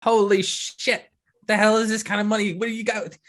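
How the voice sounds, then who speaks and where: A man voicing a jittery male half-elf bar owner who stammers and rushes his words. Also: flat delivery, fairly bright tone. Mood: astonished. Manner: frantic, stammering, much higher than his own voice.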